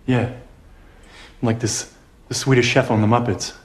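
An actor playing a small-town police officer who mocks and jokes. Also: male voice, mid-range voice, flat delivery, a little slow, lightly acted. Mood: mocking.

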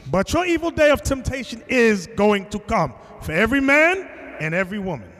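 A man preaching to a class, telling a story with lively acted-out quotes and bursts of shouting. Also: high voice, brisk, long reverb tail. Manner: animated storytelling, acting out quotes, shouting at times. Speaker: teacher. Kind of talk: sermon.

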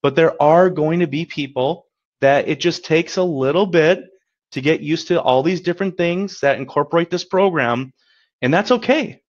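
A man's voice: on the high side, moderate pace, lo-fi sound. Upbeat man coaching on a webinar. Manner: upbeat, encouraging, conversational, often asks "right?". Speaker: credit repair coach. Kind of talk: webinar presentation.

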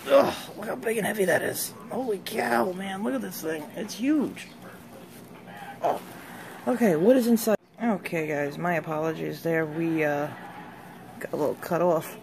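A woman vlogger chatting casually through an unboxing, excitable and gushing over each product. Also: fairly low pitch, moderate pace, creaky, crowd noise.

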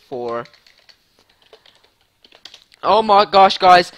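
A man with a high voice, commentating his own gameplay at a desk mic with breathless excitement. He stammers and swings between shouting and near-whispers. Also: a little slow, a little hiss or hum. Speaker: gaming channel host.

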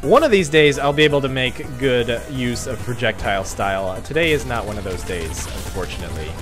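A man commentating his own video game run, swinging from low mutters to excited yelps and laughter. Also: fairly quick. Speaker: gaming channel host. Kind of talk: let's play commentary. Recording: game music behind. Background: game music.

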